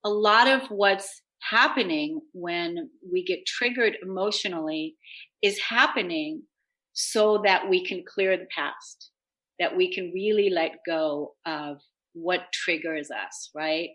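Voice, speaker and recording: A woman's voice: fairly low pitch, slow pace, fairly bright tone, poor audio. A woman hosting a talk radio show, speaking in an upbeat, earnest way in long flowing sentences about self-help.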